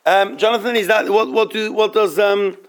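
A man teaching an informal Torah study class, halting and often repeating words as he explains. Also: high-pitched.

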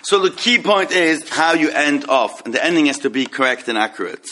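A man giving a halacha class, reading Hebrew passages quickly and then explaining them in English, often repeating himself. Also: fairly high pitch, animated, sharp tone. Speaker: Torah teacher.

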